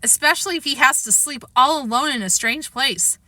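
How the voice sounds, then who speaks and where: Casting: woman as a squeaky, teasing, singsong small boy. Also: a little fast, bright, forceful tone, no echo. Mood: serious. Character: cheeky little boy, playful and stubborn.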